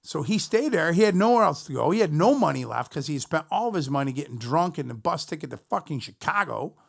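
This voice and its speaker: A middle-aged man, a musician, casually telling a long profane story to his stream chat, animated and rambling. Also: fairly high pitch, a little fast, vocal fry.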